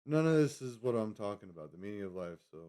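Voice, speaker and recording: A man's voice: fairly low pitch, very animated, fast, mellow. A man hosting a livestream, chatting casually and rambling with lots of fillers and self-corrections. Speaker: livestream host.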